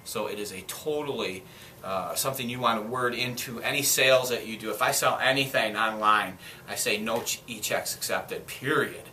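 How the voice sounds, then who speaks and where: A collector who buys, sells, and trades speaks in a Minnesota accent during a casual vlog, rambling with frequent fillers and self-corrections as he shows and prices items, griping and mildly swearing at times. His voice is on the low side yet bright and forceful, brisk in pace, with a little hiss or hum.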